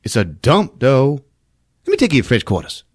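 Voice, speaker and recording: A man's voice: medium pitch, huge pitch swings, normal speed, husky, dry recording, clean studio sound, pitched above the performer's own voice. A man voicing a brash, foul-mouthed female cab driver who talks bluntly and scornfully.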